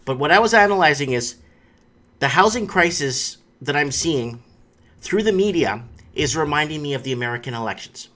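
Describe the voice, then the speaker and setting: A man's voice: fairly high pitch, lively intonation, normal speed, sharp tone. A man hosting a live stream, talking casually and rambling, with frequent restarts and fillers.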